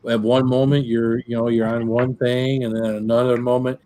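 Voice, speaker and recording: A man hosts a livestream in a laid-back, rambling way, leaning on fillers and restarting his sentences. His voice sits at a middle pitch. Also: level tone, moderate pace, mellow, no room sound. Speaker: livestream host. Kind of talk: casual chat.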